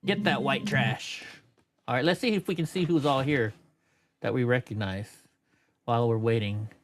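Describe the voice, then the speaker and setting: A man's voice: medium pitch, lively intonation, brisk, a little hiss or hum. A middle-aged man chatting casually on a live stream, rambling and swearing, often laughing at clips. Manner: rambling, profane, laughs a lot. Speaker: streamer host.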